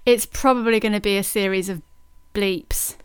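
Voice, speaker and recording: Woman host, smooth clear voice, dry close sound, playful chat podcast. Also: mid-range voice, steady tone, normal speed, no echo. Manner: playful, leads the questions. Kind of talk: casual chat.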